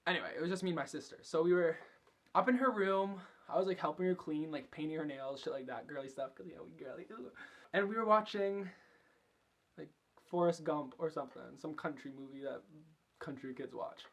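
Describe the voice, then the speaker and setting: A man's voice: a little high, fairly quick. A young man vlogging, telling a story casually and chattily, swearing a lot and filling every sentence with fillers. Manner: chatty, profane, filler-heavy.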